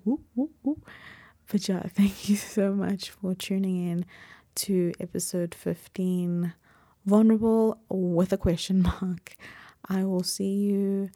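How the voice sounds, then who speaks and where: A woman's voice: on the low side, mellow, no room sound. A woman hosting a casual solo podcast, talking in a reassuring, rambling way with many fillers into a desk mic she keeps bumping. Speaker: podcast host.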